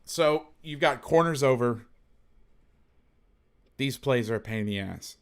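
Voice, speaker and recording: A man talks through football game film in a casual, blunt way, swearing now and then and correcting himself mid-thought. His voice sits at a middling pitch. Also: expressive, unhurried, smooth. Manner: blunt, thinks aloud, self-correcting, salty language.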